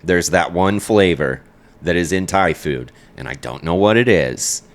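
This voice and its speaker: Podcast cohost guy, lowish voice, super animated, cusses, goes squeaky for bits. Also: a little slow. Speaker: podcast co-host. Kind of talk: casual comedy podcast chat.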